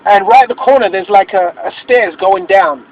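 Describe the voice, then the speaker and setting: A man telling an animated story from the passenger side of a car, acting out quotes and restarting his sentences as he goes. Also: high-pitched, normal speed. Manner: excitable, acts out quotes, many restarts. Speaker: interviewee. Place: inside a moving car. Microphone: phone. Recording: muffled phone recording with road noise.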